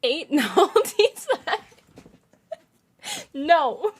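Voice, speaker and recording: Very high-voiced giggly woman streamer. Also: sing-song, very slow. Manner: giggly, laughs constantly through her words. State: laughing to tears. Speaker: game streamer. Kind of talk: casual live-stream chat, reading viewer comments aloud. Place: home streaming setup.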